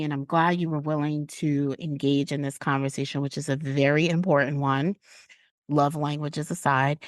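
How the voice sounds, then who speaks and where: A woman's voice: deep voice, no echo. A woman hosting a podcast, asking probing questions in a casual, affirming way. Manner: warm, probing questions with frequent affirming hums. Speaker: podcast host. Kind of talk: casual interview chat.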